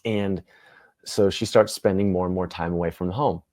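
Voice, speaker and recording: A man in his thirties, a guest in an interview, telling stories in an animated, self-deprecating way. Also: low-pitched, moderate pace, no echo. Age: 30s. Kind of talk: casual interview storytelling.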